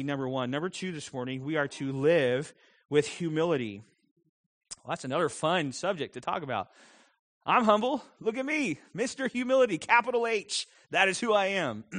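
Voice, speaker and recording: A middle-aged man preaching a sermon in a conversational way, with self-deprecating humor. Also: medium pitch. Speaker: pastor.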